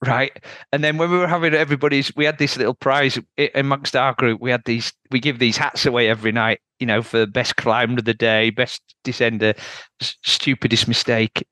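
A man's voice: mid-range voice, pushed and bright, no room sound. A male podcast host with a mid-range voice relays an anecdote in a chatty, easygoing way. The recording is close and dry, with no room sound. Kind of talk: casual conversation, storytelling.

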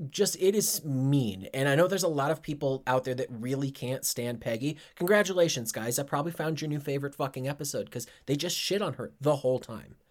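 A man co-hosting a casual podcast, laid-back and wry, with casual swearing. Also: a little high. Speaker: podcast co-host.

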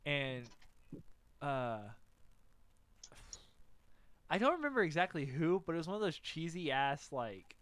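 A man on a podcast, casually telling a story to his co-host, animated and swearing often, with lots of fillers. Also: fairly high pitch, moderate pace, dry recording. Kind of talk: casual chat.

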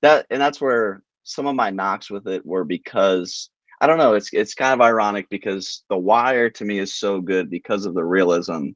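A man's voice: fairly low pitch, normal speed, dry recording, muffled recording. A man co-hosting a casual chat, rambling with many restarts and fillers. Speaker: podcast co-host.

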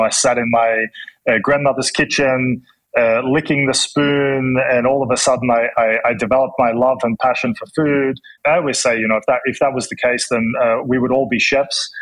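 A man's voice: mid-range voice, a bit bright, rough recording. A man with an Australian accent, speaking as a chef and entrepreneur guest in a casual podcast interview, frank and reflective with many restarts.

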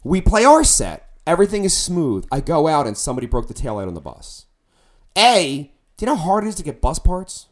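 A middle-aged musician tells a band story on a casual podcast, his voice a little high and his pace fairly quick. He's animated and profane, acting out his own shouting.

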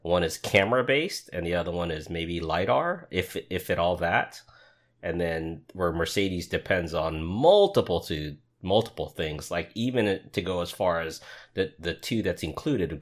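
A man's voice: deep voice, fairly bright tone. A man co-hosting a podcast in casual chat, thinking aloud and often restarting his sentences. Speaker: podcast co-host.

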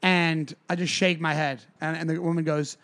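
High-voiced man telling a comic story. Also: moderate pace. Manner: animated, repeats and restarts mid-sentence. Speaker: podcast co-host, comedian. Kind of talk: casual comedic storytelling.

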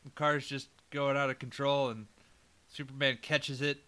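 A man's voice: mid-range voice, little pitch movement, moderate pace, pushed and bright, smooth. A man co-hosting a podcast, walking through a movie's plot in casual, rambling chat and acting out characters' lines. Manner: rambling, many fillers, acts out characters' lines. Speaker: podcast co-host.

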